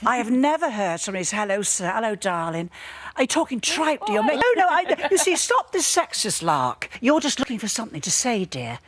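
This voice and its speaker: A woman with a husky voice, a panel guest brushing off her opponent bluntly and dismissively in a studio debate. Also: high-pitched, sing-song, fairly quick, hardly any pauses.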